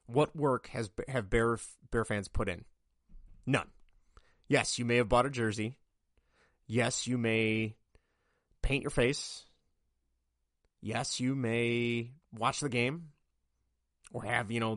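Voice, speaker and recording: A man hosting his own sports podcast, talking straight into the mic in a dry, close room with no echo. His voice sits at an ordinary middle pitch, and he rants in an exasperated way that climbs sharply when he gets fired up. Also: a bit bright. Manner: exasperated, ranting, voice climbing high when worked up. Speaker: podcast host. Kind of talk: solo sports podcast rant.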